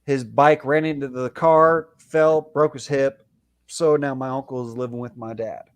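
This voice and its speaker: A man's voice: medium pitch, steady tone, moderate pace, smooth. A man calling in to a live show, telling a heated personal story with constant swearing. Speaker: caller. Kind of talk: casual call-in storytelling.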